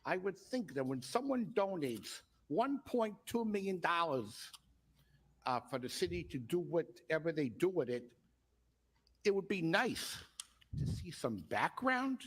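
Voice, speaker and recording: Halting man giving public comment. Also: a little high, sing-song. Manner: halting, many fillers, earnest. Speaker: public commenter at a city council meeting.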